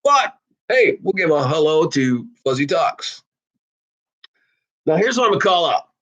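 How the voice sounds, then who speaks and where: A man hosting his own podcast, talking in a casual, blunt monologue that swings from loud outbursts to low asides. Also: big pitch swings, a little slow. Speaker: podcast host.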